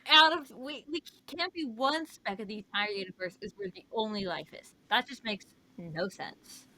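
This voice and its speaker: A woman's voice: a little high, expressive, normal speed, pushed and bright, dry recording. A young woman co-hosting a casual podcast, giggly and rambling, trailing off with fillers. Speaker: podcast co-host. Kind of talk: casual chat.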